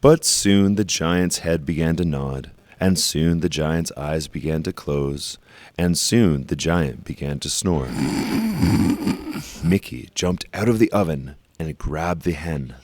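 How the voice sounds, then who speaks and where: A man with an extremely deep voice reads a children's storybook aloud. He leans slowly and emphatically on repeated phrases, and the sound is close and dry. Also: a little mellow, no echo.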